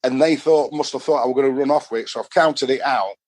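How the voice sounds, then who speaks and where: This middle-aged Doncaster man, from Yorkshire in England, is a fast talker with a slightly mellow voice at ordinary male pitch. As a podcast guest, he chats and rambles cheerfully through casual stories laden with northern dialect.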